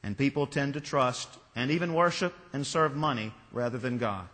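A man's voice: mid-range voice, lively intonation, normal speed, a bit bright. A man preaching a sermon in a church, telling a story and building his points through emphatic repetition. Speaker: pastor. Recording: long reverb of a large hall.

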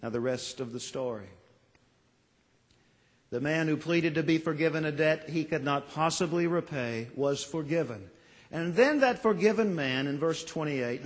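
A man preaching a sermon as pastor, slow and emphatic, with dramatic pauses and phrases that trail off softly. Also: on the high side, long reverb tail. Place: church.

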